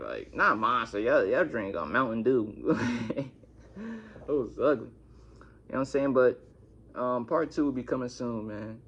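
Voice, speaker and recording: A young man telling a storytime vlog in an animated, slangy way, cursing a lot. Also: medium pitch, a little slow, highs cut off. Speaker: vlogger.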